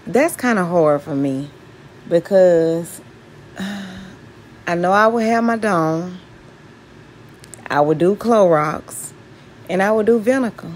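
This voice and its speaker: A woman with a Mississippi Southern accent talks to her viewers in her home kitchen in an easy, chatty way. Her voice sits a little low, and she takes her time. There's a faint hiss of noise under her voice. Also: slow pace, long pauses. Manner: chatty, keeps asking viewers questions. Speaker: home vlogger. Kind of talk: casual chat to viewers while cleaning.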